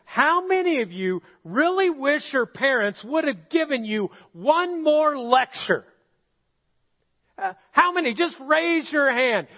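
Speaking slowly in a very high voice with big swings in pitch, this middle-aged preacher tells stories from the pulpit of a church auditorium and asks his listeners questions. The recording is dull.

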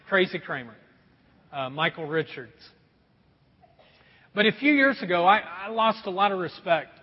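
A middle-aged pastor with a high, slightly husky voice delivers a folksy sermon, often calling out to the congregation. His voice carries a long hall reverb and sounds a bit dull, like a church sanctuary recording.

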